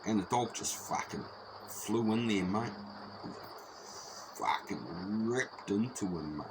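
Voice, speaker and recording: A man's voice: on the low side, animated, takes it slowly. A man telling a story in a rambling, profane, repetitive way. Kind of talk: casual spoken anecdote. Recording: noisy background.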